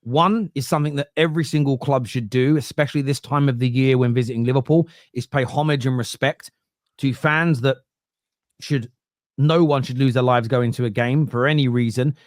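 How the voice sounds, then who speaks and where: A man's voice: mid-range voice, steady tone, normal speed, no echo. Earnest football pod guy, keeps restarting his sentences, dry mic. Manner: earnest, emphatic, restarts a lot. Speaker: football podcast panelist. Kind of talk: casual football debate.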